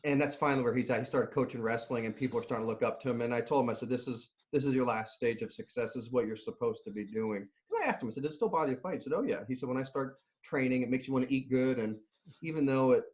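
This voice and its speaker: A middle-aged nutrition and strength coach with a mid-range voice races through stories in a casual interview. He's animated, laughs a lot and restarts often.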